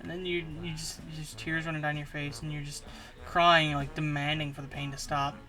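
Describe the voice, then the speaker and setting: Guy rambling thru an improv story, lots of ums, bright kinda high voice. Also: little pitch movement, fairly quick, soft background music. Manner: rambling, full of fillers and restarts. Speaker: comedy channel host.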